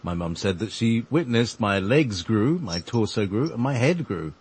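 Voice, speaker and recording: A male host reading listener questions aloud in a relaxed, lively way. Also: on the low side, normal speed, a little hiss or hum.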